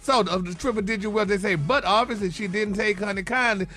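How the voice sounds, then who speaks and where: Man, sassy radio gossip reporter, high bright voice, a honey or baby in every line. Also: a little fast, soft background music. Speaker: celebrity news reporter. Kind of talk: radio morning show gossip segment.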